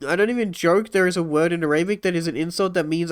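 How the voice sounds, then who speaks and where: High-voiced young man joking on stream. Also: quick pace, few pauses, smooth. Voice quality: joking, teasing interjections. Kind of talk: casual livestream reaction chat.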